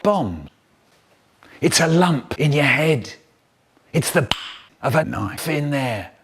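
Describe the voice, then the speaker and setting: An older man, telling a spliced comic story in an animated, exaggerated storyteller's manner. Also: fairly high pitch, slow, background noise. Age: 70s. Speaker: children's poet.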